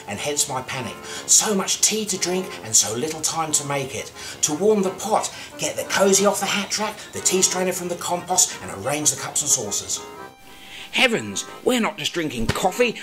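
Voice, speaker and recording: A man with an Australian accent delivering a scripted comic monologue in a wry, mock-grand deadpan manner. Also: a little high, moderate pace, low-quality recording. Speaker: comic narrator. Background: music.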